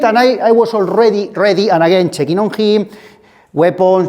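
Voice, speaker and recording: High pitched guy telling self defence stories, animated, grammar all over. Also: quick pace, big-room sound. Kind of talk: storytelling in conversation.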